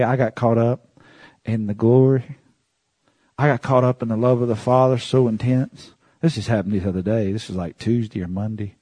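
A man preaching a sermon as pastor, swinging between hushed asides and shouts and calling on the congregation to repeat phrases. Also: mid-range voice, dry recording.

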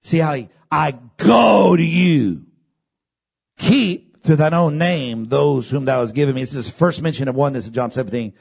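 Gravelly, husky preacher man, big swings. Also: a little fast, hardly any pauses. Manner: swings from low murmurs to high shouted peaks; calls for congregation responses. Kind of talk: sermon.

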